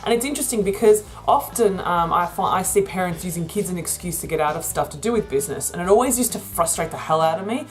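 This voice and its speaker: A woman's voice: lowish voice, animated, fast, hardly any pauses, faint music behind. A woman talking through a rambling, casual vlog about her business, laughing often. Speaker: vlogger and virtual assistant business owner.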